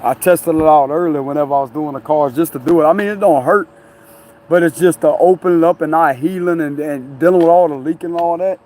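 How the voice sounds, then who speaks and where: A man's voice: a little high, fairly even intonation, fairly quick, a little mellow. A man chatting loosely on a live stream, rambling, laughing often and tagging lines with "you know what I'm saying". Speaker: tarot reader streaming live. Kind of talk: casual live-stream chat. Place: outdoors near a tree and traffic.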